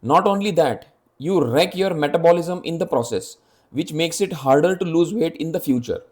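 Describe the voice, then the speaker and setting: Man, 50s, earnest explainer narrator with a slightly raised pitch, talks straight to camera. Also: moderate pace, darkish tone. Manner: earnest, direct, addresses viewer with rhetorical questions. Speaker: health app presenter. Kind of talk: scripted health explainer narration.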